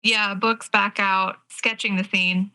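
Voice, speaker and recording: A woman with a bright, forceful voice plays at the table. She speaks slowly and in an easygoing way. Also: medium pitch, little pitch movement, clean tone, poor audio. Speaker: player. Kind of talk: tabletop role-play.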